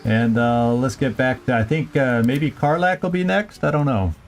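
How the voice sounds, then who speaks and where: A man's voice: mid-range voice, normal speed, soft background music. A man casually commenting on his gameplay during a live stream, thinking aloud with playful, goofy asides. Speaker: video game streamer.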